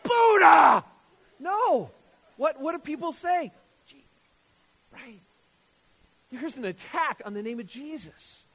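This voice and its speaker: A man with a notably high voice preaches a sermon, reading scripture and commenting on it. He talks with lively emphasis, swinging between hushed points and loud rhetorical questions aimed at his listeners. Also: slow, long pauses.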